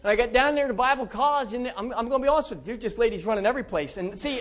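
A man's voice: very high voice, rapid-fire, few pauses, background noise. A middle-aged man from central Pennsylvania, telling his conversion story to a church in a folksy, chuckling way. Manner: folksy storytelling, warm chuckles, many restarts. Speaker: preacher giving testimony. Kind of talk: personal testimony in a church.

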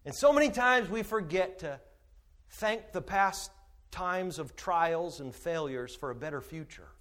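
A man preaching a sermon as pastor, emphatic, swinging from shouted peaks to hushed asides. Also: on the high side, lively intonation, a little slow.

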